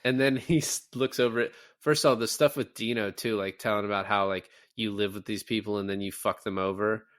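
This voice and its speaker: Low-voiced man in lively movie chat. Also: fairly quick, hardly any pauses, no room sound, clean studio sound. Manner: animated, retells scenes with lots of swearing. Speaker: podcast co-host. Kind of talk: casual movie review chat.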